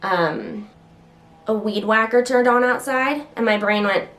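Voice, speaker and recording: A woman's voice: fairly high pitch, unhurried, a bit bright. A woman casually chatting to the camera at home while standing, slightly out of breath, rambling and interrupting herself with occasional stutters. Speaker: health vlogger.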